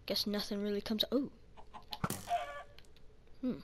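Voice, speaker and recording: Slow and muttering, a woman swears a lot as she plays a game and comments casually for her gaming channel. Her voice is medium-pitched, with a little hiss or hum in the recording.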